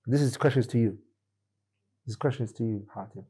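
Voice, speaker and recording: A man's voice: mid-range voice, fairly quick, dark tone, breathy edge, low-quality recording. A man teaching a classroom lesson on Islamic law, quizzing his students by name and correcting them firmly.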